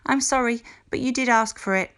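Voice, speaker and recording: A woman's voice: a little high, fairly quick, fairly bright tone, clean tone, voice pushed up. Woman voicing a flustered young witch girl. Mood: apologetic. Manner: hesitant, pleading. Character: anxious clumsy young witch schoolgirl.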